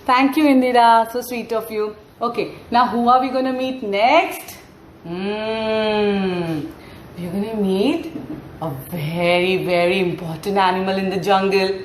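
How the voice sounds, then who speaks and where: A woman's voice: medium pitch, fairly even intonation, measured pace, slight background noise. A woman leading a playful sing-along yoga class for parents and babies. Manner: playful, sing-song, coaxing. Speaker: mother-and-baby yoga trainer. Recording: echoey room, far from the mic.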